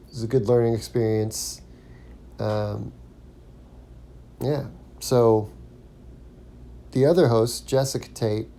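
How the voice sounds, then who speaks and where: A man's voice: medium pitch, warm tone. A man hosting his own podcast as a stand-up comic, talking through a casual solo monologue with plenty of ums and restarts. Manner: rambling, lots of ums and restarts.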